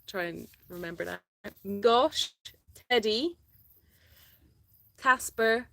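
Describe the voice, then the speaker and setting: A woman co-hosting a casual live chat, soft-spoken and giggly, reading out viewer comments. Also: a little high, lively intonation, slow pace, gravelly, a little hiss or hum.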